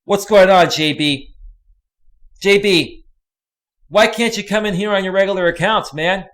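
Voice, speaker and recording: The man hosting this live stream has a high, slightly bright voice and takes his time. His angry rant is full of swearing, aimed straight at his chat viewers, whom he addresses by name.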